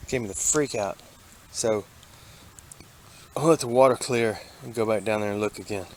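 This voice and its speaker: A man giving folksy, excitable commentary to a handheld camera as he metal detects in a creek, a bit out of breath. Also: on the low side, moderate pace, rough recording. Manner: excitable, folksy, talks to camera while working. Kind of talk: casual running commentary while detecting. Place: outdoors in a creek. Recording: outdoor camera audio with clear background noise.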